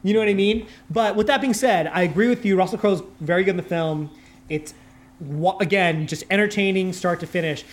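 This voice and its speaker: A man guest on a podcast, talking in a casual, animated way, full of quick asides and "like" fillers. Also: high voice. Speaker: guest, culture writer.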